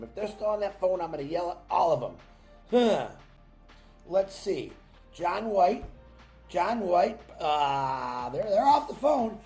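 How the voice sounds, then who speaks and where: A man alone on a livestream delivers an energetic, salesy pep talk to his viewers, now and then shouting, and greets chat users by name. His very high voice carries a gravelly rasp, and he's recorded through a laptop mic with faint music behind.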